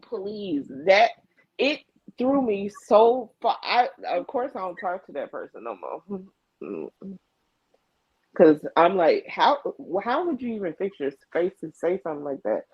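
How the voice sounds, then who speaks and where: A woman's voice: medium pitch, very animated, a little slow, slightly rough, no echo, muffled recording. A middle-aged woman co-hosting a livestream in candid conversation, emphatic and repeating phrases to drive her point home. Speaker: livestream co-host. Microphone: video call mic.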